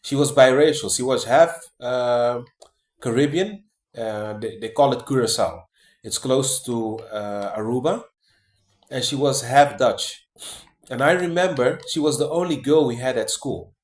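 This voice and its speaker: A man's voice: mid-range voice, unhurried, roomy sound. A man talking casually to his viewers in a rambling way, full of fillers, restarts and "man" and "guys". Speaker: vlogger. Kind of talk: casual monologue to camera.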